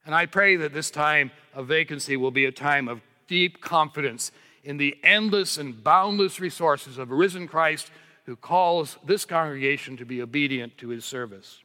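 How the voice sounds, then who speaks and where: A man preaching a sermon to his congregation, earnest and emphatic, slowing down on key words. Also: a little high, pushed and bright. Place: church sanctuary. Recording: reverberant church hall.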